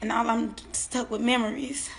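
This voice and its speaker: A woman with a high voice speaks through near tears. She tells her story in halting bursts, repeating phrases and letting sentences trail away, with the raw grief of a mother's personal testimony. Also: fairly even intonation, creaky. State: tearful, on the verge of crying. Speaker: bereaved mother.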